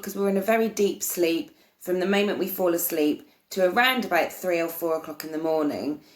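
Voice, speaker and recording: Earnest woman in a roomy room. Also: medium pitch. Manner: earnest, meandering, many restarts. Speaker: spiritual vlogger. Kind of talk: casual spoken explanation to camera. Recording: roomy echo.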